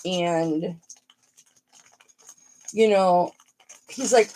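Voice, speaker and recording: A woman's voice: mid-range voice, lively intonation, measured pace, gravelly, long pauses, warm tone, a little hiss or hum. A middle-aged woman hosting a casual live stream, talking frankly and motherly to her viewers and swearing freely.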